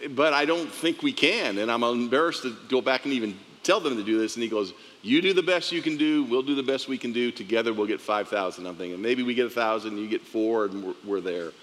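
A man's voice: medium pitch, a little fast, few pauses, a bit bright, big-room sound. A man, a pastor, tells a testimony story from the pulpit, laughing often and acting out the dialogue.

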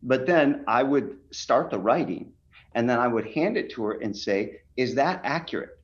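A man's voice: mid-range voice, expressive, normal speed, highs cut off. A man who is a pastor, speaking emphatically and preacherly as a guest on a podcast over a video call. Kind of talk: podcast interview.

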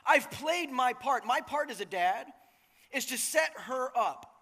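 A pastor in his thirties delivers a sermon in a loose, joking, conversational way, often asking the crowd "right?" to check in. His voice is very high and bright for a man, with lively intonation and an unhurried pace. A long reverb from the hall trails his words.

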